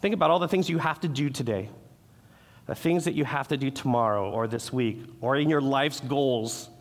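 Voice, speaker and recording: A man's voice: mid-range voice, normal speed. A man preaching a sermon as pastor, earnest, restarting his words and acting out the quoted voices. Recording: long hall reverb.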